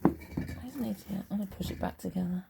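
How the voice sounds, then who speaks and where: A woman's voice: lowish voice, brisk, gravelly, noisy background. A woman, talking in a blunt, sweary, rambling way with muttered asides. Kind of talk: rambling casual monologue.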